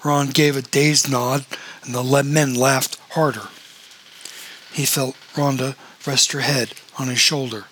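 A man narrating a novel as an audiobook, in a steady storytelling manner. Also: mid-range voice, a little slow, a little hiss or hum, rough recording.

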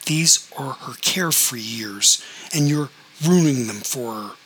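A man's voice: medium pitch, lively intonation, a little slow, fairly bright tone, breathy edge, low-quality recording. A man reading aloud, voicing a hot-tempered father in a storybook who snaps and blames others during a family dinner. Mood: angry.

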